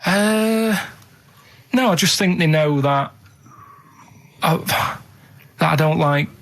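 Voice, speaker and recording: A man chatting on a radio comedy show, telling stories in a deadpan way. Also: on the high side, slow pace. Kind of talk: casual radio banter.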